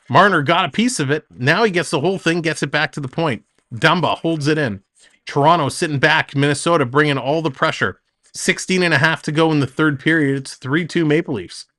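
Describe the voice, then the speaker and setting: A man with a slightly high voice calls a hockey game live for his stream. He narrates the action in quick, clipped bursts and turns to chat with his viewers between plays. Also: fairly bright tone. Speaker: streamer doing play-by-play. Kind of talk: live hockey play-by-play commentary.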